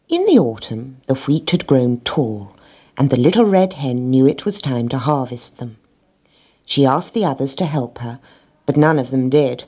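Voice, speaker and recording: A woman reading a children's storybook aloud, gently, with lively character voices. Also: very deep voice, normal speed, slightly rough.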